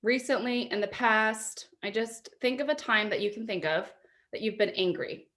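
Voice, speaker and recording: A woman's voice: on the high side, a bit bright. A woman in her thirties giving a conference talk, speaking conversationally, asking reflective questions and laughing often. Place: apartment.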